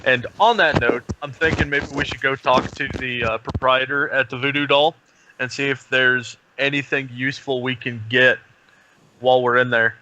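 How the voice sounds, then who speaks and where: A man playing a tabletop game, laying out plans in a deliberate, halting way. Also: mid-range voice, fairly even intonation, bright, forceful tone, a little hiss or hum, low-quality recording. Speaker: player.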